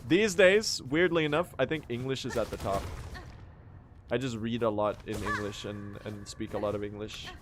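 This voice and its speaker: A man's voice: lowish voice, moderate pace, slight background noise. A young man chatting casually on a speedrun stream, self-mocking and laughing often. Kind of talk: casual live-stream chat.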